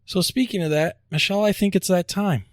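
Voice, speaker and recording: A man hosting a podcast, joking around and spelling out web addresses slowly. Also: high voice, no room sound, studio quality. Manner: upbeat, jokey promo delivery, spells out web addresses slowly. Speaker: podcast host. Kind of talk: casual podcast chat and announcements.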